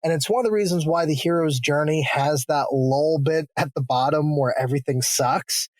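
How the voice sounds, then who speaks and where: Male podcast co-host, rambling advice-giver, somewhat high voice, dry close sound. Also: moderate pace, no echo. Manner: relaxed, rambling, gives advice with asides. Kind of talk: casual chat.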